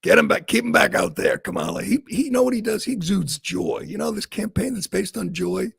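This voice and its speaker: A man's voice: high-pitched, vocal fry, a bit bright, slightly rough, no room sound, clean studio sound. A man hosting a talk show, delivering sarcastic, mocking political commentary. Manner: sarcastic, mocking, quick asides with laughs. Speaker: talk radio host.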